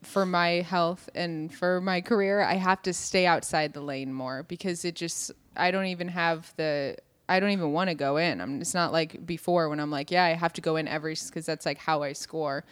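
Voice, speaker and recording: A young adult woman in casual chat, blunt and swearing freely, quick to laugh. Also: lowish voice, steady tone, clear, resonant tone, no room sound.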